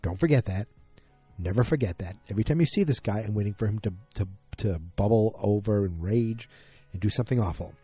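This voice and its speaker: A man with a husky, mellow voice talks through a solo podcast recap, rambling and opinionated, stopping and restarting often. Faint music sits underneath. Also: on the low side, a little fast, dry recording. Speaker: podcast host.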